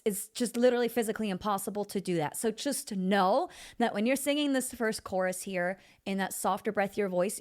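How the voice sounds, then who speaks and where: A woman vocal coach giving a casual singing lesson, chatty and expressive, thinking aloud as she teaches. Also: medium pitch.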